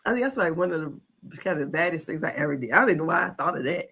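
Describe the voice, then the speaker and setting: A woman's voice: deep voice, animated, rapid-fire, fairly bright tone, husky. A woman in her fifties, a podcast host telling a childhood story in casual chat, laughing often and swearing freely.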